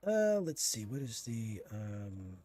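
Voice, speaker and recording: A man's voice: fairly low pitch, big pitch swings, takes it slowly, warm tone, slight background noise. A man giving casual let's-play commentary, chatting to himself and teasing enemies as he plays. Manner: chatty, talks to himself and to enemies while playing. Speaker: gaming streamer.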